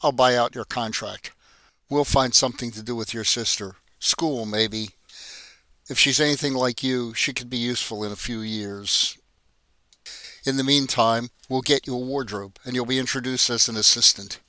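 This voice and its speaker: A cold, domineering hotel boss, voiced by a male narrator, curt and commanding. The voice is bright and the recording dry. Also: mid-range voice, steady tone, normal speed, no room sound, close to an everyday voice.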